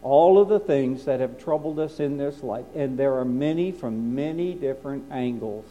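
A man preaching a sermon, climbing into impassioned high peaks and then dropping low and quiet. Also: normal speed. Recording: dull lo-fi recording with mains hum.

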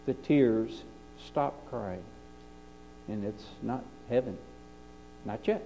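A man preaching a sermon, climbing into impassioned high peaks and then dropping low and quiet. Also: drawn-out words, gravelly, pauses often. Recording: dull lo-fi recording with mains hum.

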